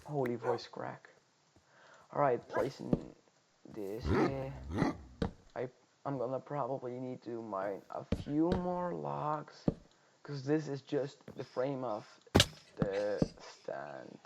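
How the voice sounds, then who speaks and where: Slow, gravelly man muttering over gameplay. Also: mid-range voice, animated. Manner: mutters and counts to himself, often drops to a half-whisper. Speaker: gameplay streamer. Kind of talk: casual let's-play commentary. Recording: loud background noise.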